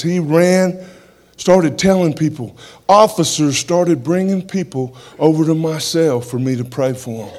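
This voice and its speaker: This is a man speaking from a church pulpit. His voice sits a little high, and he tells his story with lively, animated energy, turning often to the congregation with amens. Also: normal speed. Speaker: preacher giving testimony. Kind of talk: church testimony.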